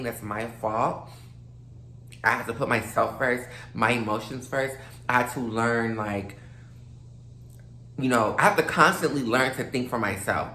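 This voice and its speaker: A vlogger in her late twenties talks to camera in an extremely low, sharp-toned voice, recorded with reverb and slight background noise. A little tipsy and slightly slurred, she rambles loosely with lots of fillers, calling her viewers "y'all."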